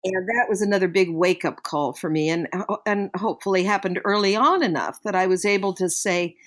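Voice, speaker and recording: Brief: older woman, podcast guest, reflective storyteller, mid-pitched voice, slips into voices when quoting. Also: brisk, few pauses. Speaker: parenting guest. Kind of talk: podcast conversation.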